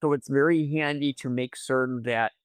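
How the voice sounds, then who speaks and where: A man's voice: mid-range voice, steady tone, moderate pace, clean tone, dry recording. A man speaking as a professor and guest expert in a podcast interview, explaining emphatically in a casual way.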